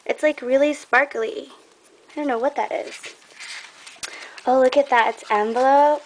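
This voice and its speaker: A woman's voice: sits high, steady tone, unhurried, a little hiss or hum. A young woman showing off a craft trade in a casual vlog, gushing and admiring, a bit out of breath.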